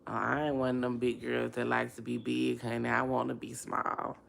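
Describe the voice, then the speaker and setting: Gravelly Southern woman chatting on a livestream. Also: extremely low pitch, moderate pace, a little hiss or hum. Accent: Alabama Southern US. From Alabama, US. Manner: chatty, expressive, Southern slang. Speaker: livestream host. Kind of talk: casual livestream chat, reading comments aloud.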